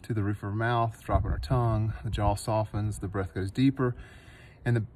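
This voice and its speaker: A man who works as a nurse and teaches meditation, telling a personal story outdoors in an earnest, animated way that turns soft and slow when he guides a meditation. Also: lowish voice, rough recording. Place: outdoors in a dry canyon.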